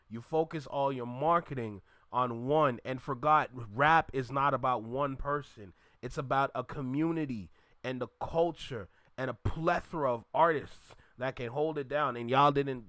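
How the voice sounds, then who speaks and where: A man's voice: medium pitch, unhurried, fairly bright tone, dry recording, studio quality. A man hosting a reaction video, commenting with emphatic, preachy talk and addressing listeners as "y'all.". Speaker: reaction channel host.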